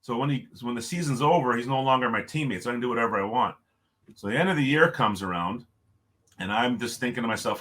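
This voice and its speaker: Fast-talking man telling stories. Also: mid-range voice. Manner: lively anecdotal storyteller. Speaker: podcast guest. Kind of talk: conversational storytelling.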